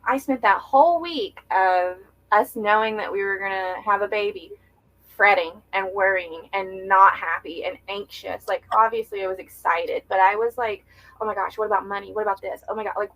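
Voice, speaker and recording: In a candid interview-style podcast, a young woman guest shares earnest reflections peppered with filler words. Her medium-pitched voice is slightly bright and moderately paced, captured on a rough recording.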